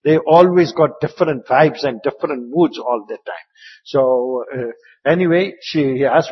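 A man giving an Islamic religious talk with stories, rambling and repeating words, sometimes dropping into soft asides. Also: mid-range voice, normal speed, slightly rough. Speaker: Islamic preacher. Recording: muffled, echoey hall.

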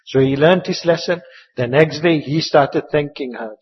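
A man giving an Islamic religious talk with stories, rambling and repeating words, sometimes dropping into soft asides. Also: fairly high pitch, moderate pace, slightly rough. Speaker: Islamic preacher. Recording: muffled, echoey hall.

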